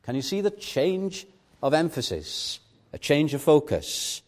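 A young man preaching a sermon earnestly, stressing key words, then dropping low. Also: big pitch swings, a little slow. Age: young adult. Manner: earnest, emphatic, swinging between loud stresses and soft drops.

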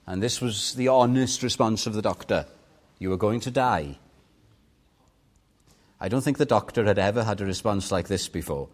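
An older man preaching a sermon with impassioned swings, rising loud on key points and dropping to a hush. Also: fairly low pitch, fairly quick, few pauses.

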